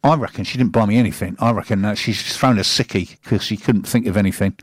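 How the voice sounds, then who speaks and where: A man's voice: lowish voice, fast talker, no room sound, studio quality. A man presenting local radio, chatting casually and reading local news items aloud with asides.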